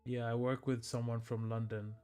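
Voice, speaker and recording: Guy livestreaming, just chatting w chat, smooth clean voice, pretty middle pitch. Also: little pitch movement, normal speed, darkish tone, faint music behind. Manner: loose and chatty, reads and answers chat aloud. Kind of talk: casual chat with live stream viewers.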